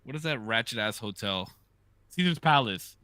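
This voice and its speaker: A man's voice: medium pitch, lively intonation, moderate pace, bright, forceful tone, clean tone, no echo. A man hosting a podcast, telling gambling stories in a loose, profane, casual way. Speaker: podcast host. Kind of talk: casual chat.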